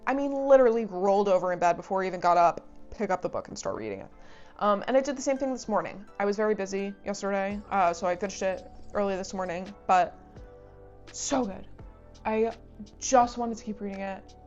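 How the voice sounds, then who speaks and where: A woman's voice: medium pitch, highs cut off. A young woman hosting a book review vlog, chatting casually in a bubbly, gushing way with lots of "like" fillers. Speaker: book reviewer and channel host.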